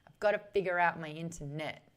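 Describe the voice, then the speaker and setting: A woman's voice: fairly low pitch, a little fast, smooth. A young Australian woman streaming live, chatting casually and reading her viewers' comments aloud in a bubbly way that breaks into laughs easily.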